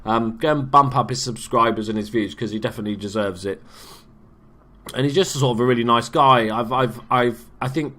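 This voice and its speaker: A man's voice: mid-range voice, a little fast, pushed and bright. A young man from England giving casual, sweary, jokey let's-play commentary as a gaming YouTuber.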